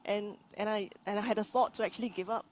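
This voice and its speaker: Brief: coach, woman, earnest and animated, restarts her sentences, mid-pitched voice. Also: quick pace. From Singapore. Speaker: business coach. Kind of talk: live-stream interview guest.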